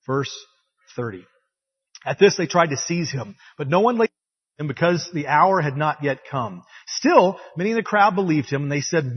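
A man's voice: fairly high pitch, normal speed, husky. A man preaching a sermon and reading scripture aloud, acting out the quoted voices with feeling. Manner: expressive, acts out quoted voices. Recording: dull lo-fi sound with long hall reverb.

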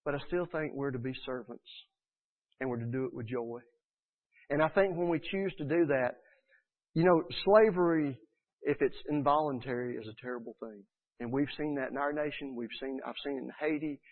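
A man preaching a sermon in an earnest, animated way, acting out the people he quotes. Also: medium pitch, moderate pace. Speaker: pastor. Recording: tinny phone-like sound.

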